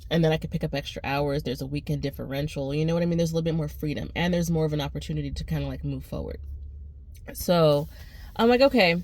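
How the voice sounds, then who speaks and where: Animated woman telling a story. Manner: animated, quotes people with rising pitch; fast, with restarts and repeated phrases. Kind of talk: casual storytelling vlog.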